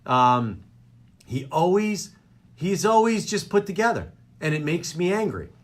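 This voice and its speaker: A man hosting a live radio comedy show, ranting in an exasperated, animated way about everyday annoyances. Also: high-pitched, measured pace. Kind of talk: comedic rant. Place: radio studio.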